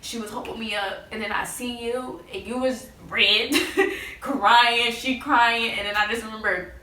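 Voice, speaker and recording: High, bright-voiced woman telling a story. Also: measured pace. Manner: animated storytelling, laughing through tears. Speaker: one of the sisters in a family talk. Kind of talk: casual emotional family conversation. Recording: roomy sound from a distance.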